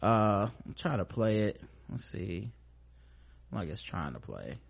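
A man's voice: lowish voice, very animated, slow pace, vocal fry, slightly rough. A male podcast host talking casually about news, sarcastic and profane.

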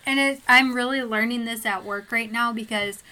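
A young woman chats about her faith with a friend in a casual, rambling way. Her voice is bright and sits a little high. When she acts out her own reactions, she puts on a high, sweet voice. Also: steady tone, moderate pace, low-quality recording.

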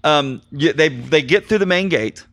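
Animated man chatting about movies. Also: on the high side, moderate pace, vocal fry, no room sound. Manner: animated, rambling, gets excited. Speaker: podcast host. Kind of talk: casual movie review chat.

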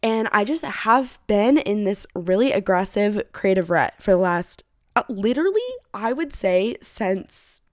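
A woman's voice: mid-range voice, animated, unhurried, dry recording, clean studio sound. A young woman hosting her own podcast, chatting casually and rambling with self-deprecating humor while sick with a head cold and a runny nose. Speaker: podcast host. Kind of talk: casual solo podcast chat.

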